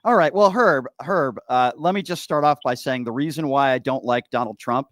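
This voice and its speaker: A man's voice: medium pitch, moderate pace, fairly bright tone, no echo, studio quality. A man hosting a political call-in show, talking bluntly and sarcastically, fired up. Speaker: radio show host.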